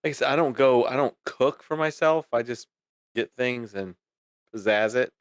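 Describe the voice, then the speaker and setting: A man's voice: medium pitch, normal speed, clear, resonant tone, no echo, studio quality. A man co-hosting a live stream, making wry, exasperated asides and reading out viewer comments. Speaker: podcast co-host reading chat. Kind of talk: casual chat on a live stream.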